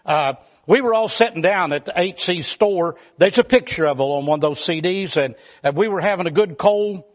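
A man, a pastor telling a folksy mountain story in a sermon. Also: high voice. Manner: folksy, rambling storyteller with many fillers.

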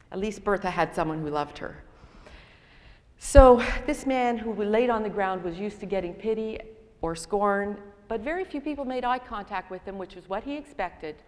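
A woman's voice: medium pitch, darkish tone. An older woman giving a sermon, telling stories in a self-deprecating way. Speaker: speaker. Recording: long reverb in a large hall.

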